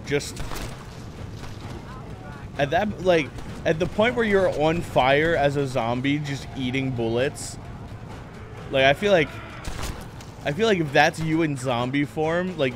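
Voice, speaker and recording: A man's voice: medium pitch, lively intonation, a little slow, pauses often, background noise. A man streaming a video game, joking playfully and blurting mock gunshot sounds. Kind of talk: gameplay commentary.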